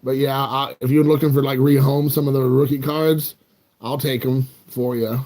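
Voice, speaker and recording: A man's voice: mid-range voice, little pitch movement, moderate pace, dark tone. Rambling, joking American man in his forties. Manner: rambling, joking, self-mocking. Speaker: card collecting channel host. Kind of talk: casual chat to viewers.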